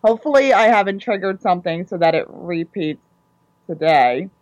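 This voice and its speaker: A woman's voice: lowish voice, animated, normal speed, darkish tone, dry recording, lo-fi sound. A woman co-hosting a casual chat, retelling scenes with enthusiasm.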